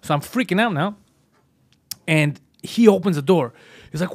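Guy on a podcast telling a wild story, lots of swearing, voice a bit high, gets loud doing quotes. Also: normal speed, long pauses, breathy edge. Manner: excitable, profane, acts out quotes with rising pitch. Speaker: podcast co-host. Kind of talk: casual storytelling chat.

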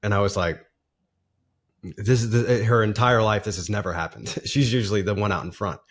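Earnest, low-voiced man telling a story. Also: normal speed. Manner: rambling, earnest, laughs often, frequent restarts. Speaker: podcast guest. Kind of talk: casual storytelling conversation.

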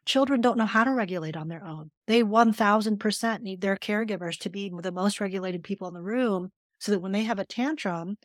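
A woman's voice: mid-range voice, brisk, hardly any pauses, no room sound, clean studio sound. A middle-aged woman therapist speaking earnestly and emphatically as a podcast guest, telling stories and explaining. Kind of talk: conversational podcast interview.

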